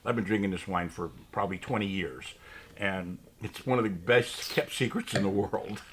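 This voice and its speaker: A man's voice: fairly low pitch, moderate pace, noisy background. A man co-hosting a casual wine tasting chat, emphatic and joking.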